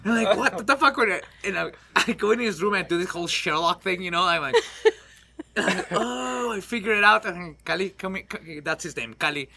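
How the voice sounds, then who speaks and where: A man's voice: high-pitched, brisk, gravelly, bright, forceful tone, slight background noise. A man telling friends a rowdy story, acting out the quotes with laughs and swearing. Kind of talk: casual chat.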